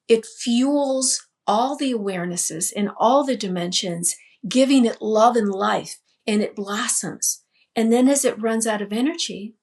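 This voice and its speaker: An older woman, a guest on an interview, telling a personal story earnestly in a flowing way, often repeating and restarting her words. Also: on the high side.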